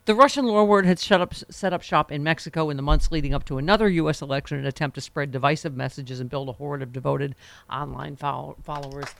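A woman hosting a political talk radio show, sarcastic and animated with quick asides. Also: low voice, vocal fry, a little hiss or hum.

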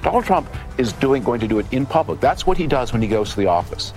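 A man's voice: mid-range voice, very animated, fast talker, darkish tone, soft background music. A man, a political commentator, giving an urgent, explanatory answer in a television interview clip.

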